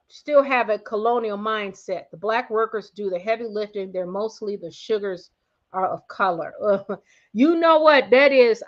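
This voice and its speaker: Excitable, blunt woman host, lo-fi sound. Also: medium pitch. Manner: excitable, blunt, talks to her viewers directly. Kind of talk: casual opinion commentary livestream.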